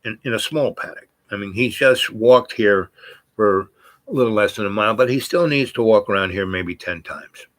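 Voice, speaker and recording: A man's voice: fairly low pitch, normal speed, fairly bright tone, no room sound. A man telling a personal story in a casual, meandering way, full of fillers and restarts.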